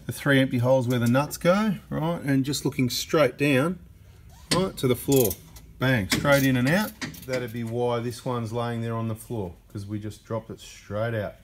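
A man's voice: medium pitch, moderate pace. A man working as a mechanic, explaining a repair in a plain, matter-of-fact way and repeating the key steps.

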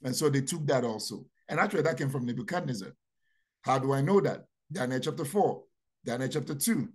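A man preaching a sermon, repeating key phrases and asking rhetorical questions, dropping to quiet asides then rising to loud proclamations. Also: expressive, fairly quick, breathy edge. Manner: dramatic, swings from low asides to loud proclamations.

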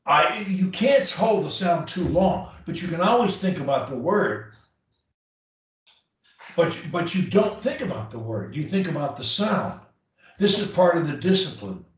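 A male speech coach talks slowly and bluntly, hammering his points home with repetition. His voice sits a bit high for a man. It sounds distant, caught in a very echoey room. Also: very animated. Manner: blunt, emphatic, repeats key phrases. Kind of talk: one-on-one coaching session. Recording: echoey room, far from the mic.

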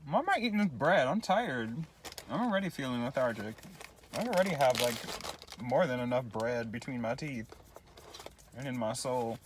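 Young guy rambling at his phone cam, kinda self-deprecating, says sorry a lot, normal-pitched voice, little bit of background hiss. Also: expressive, normal speed. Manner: chatty, self-deprecating, rambling with frequent apologies. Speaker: vlogger. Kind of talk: casual rambling vlog while eating.

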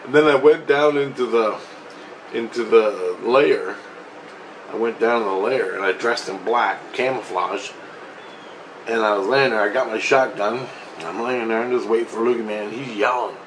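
A man's voice: lowish voice, normal speed, noisy background. A man telling a personal story in a rambling, agitated, profane way, restarting often. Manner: profane, agitated, restless retelling with frequent restarts.

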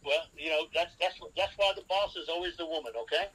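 A man's voice: a little high, fast, a crowd in the background, poor audio. A man, a real estate expert guest on a podcast, giving seminar-style advice as numbered rules and often checking in with "okay?".

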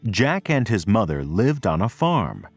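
Slow, husky male storyteller. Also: fairly low pitch, dry recording, faint music behind. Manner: clear, deliberate, expressive reading. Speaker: narrator. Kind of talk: slow read-aloud storybook narration.

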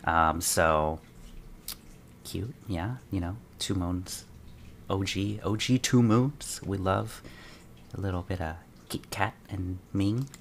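A man reacting to a trailer as an excited fan, muttering asides and breaking into dramatic outbursts. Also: deep voice, takes it slowly, vocal fry, slight background noise. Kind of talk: casual reaction commentary.

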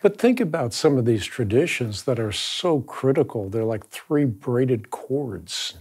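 Man, husky voice, mid pitch, host, round-table discussion, earnest, emphatic. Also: lively intonation, unhurried, a little mellow. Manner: earnest, emphatic explaining with many repeated words.

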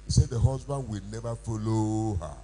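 A male pastor preaching a sermon with call-and-response questions, rising to shouts. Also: on the low side, expressive, moderate pace, a little hiss or hum, low-quality recording. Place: church.

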